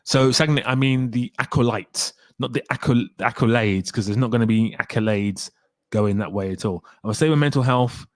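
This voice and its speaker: Rambling male film streamer, mid-pitched, dry close sound, chats with his viewers. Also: brisk, dry recording. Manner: rambling, talks straight to chat viewers by name. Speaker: film talk live stream host. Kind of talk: casual live stream chat.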